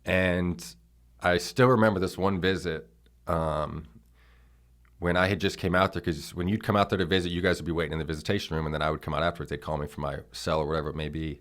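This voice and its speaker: Fast-talking deep-voiced man hosting. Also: fairly even intonation, a bit bright. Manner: blunt, profane, rapid storytelling. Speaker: podcast host. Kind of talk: conversational podcast interview.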